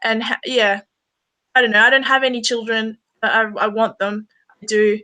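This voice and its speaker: Young woman interviewer, rambly and chatty, high bright voice, lots of likes and ums. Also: steady tone, normal speed, low-quality recording. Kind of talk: casual conversational interview.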